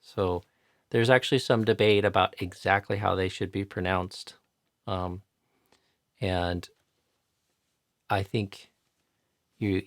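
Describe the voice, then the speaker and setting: An American man teaching chanting pronunciation patiently in a live online tutorial, repeating each sound slowly to demonstrate it. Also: deep voice, no echo, studio quality. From United States.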